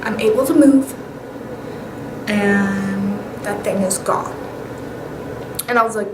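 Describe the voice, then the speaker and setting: A young woman vlogger telling paranormal stories in a casual, animated way. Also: mid-range voice, slow pace, long pauses. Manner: chatty, animated, with whispered asides. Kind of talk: casual storytelling. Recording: echoey room with clear background noise.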